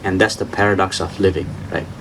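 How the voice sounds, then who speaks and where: A man giving an informal spiritual talk and answering questions, repeating his points insistently in slightly broken English and laughing softly. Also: low-pitched, level tone, brisk, creaky, recorded from a distance, slight background noise, rough recording. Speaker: spiritual teacher.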